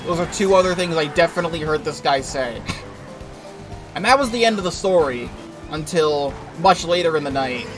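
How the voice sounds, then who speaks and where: Game music plays as a man with a fairly high, expressive voice commentates a racing game at a moderate pace. He chats loosely and tells a long-winded story from his job, peppered with filler words and an odd swear.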